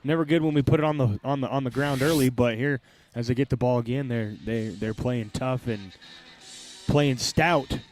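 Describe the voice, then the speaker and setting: Relaxed analytical color commentator man. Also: medium pitch, moderate pace, faint music behind. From Heber, Arizona. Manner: relaxed, analytical, talks through play concepts.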